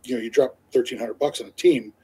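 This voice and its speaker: Husky, rambling male stream co-host. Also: medium pitch, fast talker, mellow, poor audio. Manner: rambling storyteller, many fillers and restarts; laughs easily while talking. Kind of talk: casual chat on a live stream.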